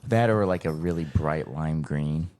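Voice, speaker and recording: A man co-hosting a casual podcast chat, animated and laughing often. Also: extremely low pitch, measured pace. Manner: animated, laughs often, slips into mock accents. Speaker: podcast co-host.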